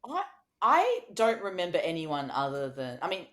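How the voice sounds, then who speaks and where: A woman's voice: on the low side, wildly swooping pitch, moderate pace, a bit bright. A woman co-hosting a podcast in casual chat who laughs often and restarts her sentences. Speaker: podcast co-host.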